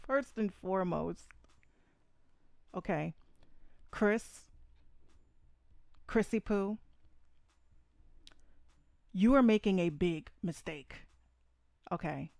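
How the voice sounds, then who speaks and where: A woman's voice: medium pitch, animated, drawn-out words, creaky, long pauses, a little mellow, no echo. A woman hosting a live podcast, ranting in a blunt, profane and emphatic way, repeating her points. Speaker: podcast host. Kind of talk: opinionated live podcast rant.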